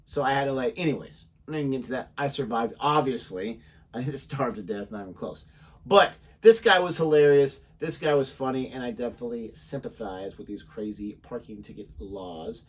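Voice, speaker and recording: A man's voice: medium pitch, expressive, fairly quick, slightly rough, far from the mic. A young American man, co-host of a reaction channel, telling a story in casual chat and acting out the voices of the people in it. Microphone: desk microphone.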